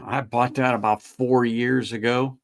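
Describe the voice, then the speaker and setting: Level in tone and measured in pace, a middle-aged man with a creaky mid-range voice hosts a laid-back whiskey livestream, answering viewers' comments in a rambling, folksy style. A little hiss or hum can be heard.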